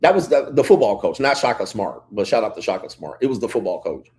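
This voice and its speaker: A man hosting a casual livestream, reading chat comments and telling stories in an animated way. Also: fairly low pitch, fast. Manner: animated storytelling, reads chat comments aloud. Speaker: livestream host.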